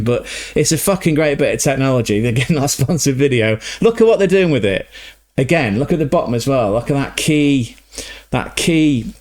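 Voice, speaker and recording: A man giving casual, animated commentary on a game trailer, swearing freely, laughing mid-sentence and often checking in with "right?". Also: mid-range voice. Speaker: reaction video host.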